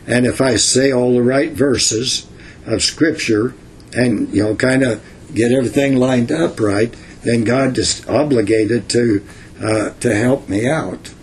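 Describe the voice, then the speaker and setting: Slow, folksy older male Bible teacher. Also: mid-range voice, slight background noise. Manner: folksy and unhurried, with many fillers and asides.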